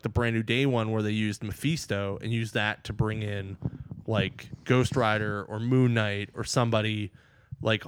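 Guy rambling about a movie with a smooth clear voice, dry close mic. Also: medium pitch, no echo. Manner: excited, rambling, acts out quotes. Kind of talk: casual chat recapping a movie.

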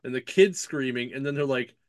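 A man's voice: mid-range voice, a little fast. Rambling man recapping a book. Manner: rambling, laughing, heavy on fillers. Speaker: podcast host reviewing books. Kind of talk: casual chat.

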